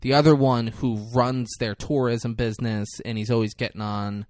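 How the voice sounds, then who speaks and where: A man's voice: medium pitch, flat delivery, normal speed, a little mellow, dry recording, studio quality. A young man co-hosting a casual, profane movie recap podcast, rambling and joking. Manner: rambling, joking, swears often. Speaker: podcast co-host.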